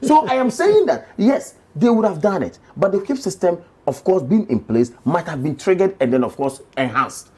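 Emphatic panelist, lively pitch. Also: moderate pace, few pauses. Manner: emphatic, repeats phrases, lively swings in pitch. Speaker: party spokesperson panelist. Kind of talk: political panel discussion.

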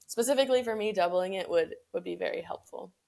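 A woman's voice: mid-range voice, quick pace, gravelly, a little mellow. A young woman co-hosting a podcast, chatting casually with lots of "like" fillers and easy laughs. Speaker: podcast co-host. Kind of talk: casual chat.

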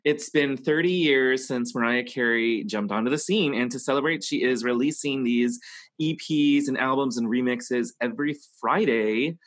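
Man, co-host, casual chat, medium pitch, chatty pop-fan enthusiasm. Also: normal speed, a bit bright. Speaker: podcast co-host.

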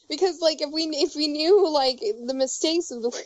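A woman's voice: high voice, moderate pace, dry recording. A woman in her twenties chatting casually, rambling with restarts and swearing. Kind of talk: casual chat. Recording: muffled dry recording.

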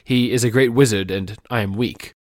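A man's voice: mid-range voice, moderate pace, darkish tone, dry recording, studio quality, lightly acted. Man putting on a murmuring scheming wizard. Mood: menacing. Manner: put-on British accent, murmuring. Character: nervous scheming male wizard teacher.

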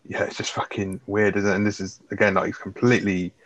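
Guy rattling through a film recap, swearing a lot, low voice, dry close mic. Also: fast, dry recording. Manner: sweary, animated retelling of scenes. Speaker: podcast co-host. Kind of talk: casual film review chat.

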